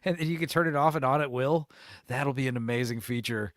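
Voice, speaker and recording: A man's voice: mid-range voice, fast talker, dry recording, studio quality. A man hosting a casual podcast, who rambles, teases his co-hosts and laughs often. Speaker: host.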